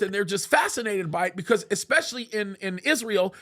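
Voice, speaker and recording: A male show host telling a story in a casual studio chat, animated and acting out what people said. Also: high voice, brisk, few pauses. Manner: animated, acts out quoted speech.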